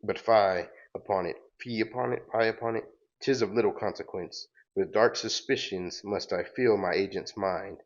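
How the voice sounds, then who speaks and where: A man's voice: on the low side, normal speed, lo-fi sound, close to an everyday voice. A man reading the lines of a scheming male trickster god in archaic, mock-grand phrasing.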